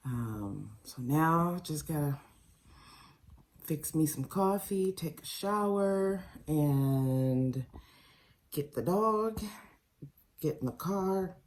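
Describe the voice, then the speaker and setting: A woman who has just woken up talks through her morning plans, her morning voice low and dark. She speaks slowly and loosely, trailing into fillers and restarts as she chats to her viewers. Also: slight background noise. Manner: relaxed, chatty, with fillers and restarts. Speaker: vlogger. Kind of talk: casual vlog talk to camera.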